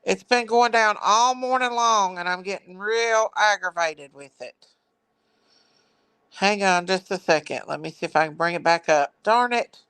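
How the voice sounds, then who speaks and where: A woman's voice: medium pitch, moderate pace, a bit bright, smooth, no room sound. A woman hosting a casual true crime livestream, apologetic and flustered as she talks to her viewers.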